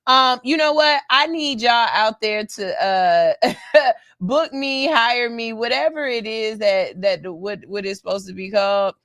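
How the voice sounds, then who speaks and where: A woman's voice: a little high, a little slow, a bit bright, dry recording, studio quality. A woman hosting a morning radio show, chatting casually with loose, playful banter and cursing freely. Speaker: station engineer.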